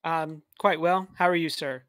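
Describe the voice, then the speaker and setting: A man's voice: a little high, fairly even intonation, moderate pace, fairly bright tone, no echo, clean studio sound. A polite man calling in to a casual chat, talking hesitantly with many fillers. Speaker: caller.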